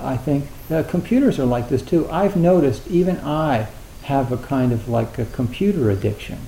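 Middle-aged man, Zen teacher, dharma talk, halting and wry, warm mellow tone, roomy hall with faint hiss. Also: fairly high pitch. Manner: halting, loose and conversational with frequent fillers; wry, gently humorous.

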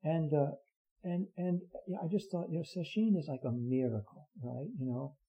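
An older man giving an earnest dharma talk as a Zen teacher, halting with many fillers and restarts. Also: a little high. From United States. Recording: dull lo-fi recording.

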